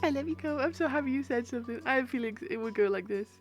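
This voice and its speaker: A woman streamer reading a dating game aloud and reacting, excitable, squealing and laughing often. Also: high-pitched, very fast, soft background music. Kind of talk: live game read-along and commentary.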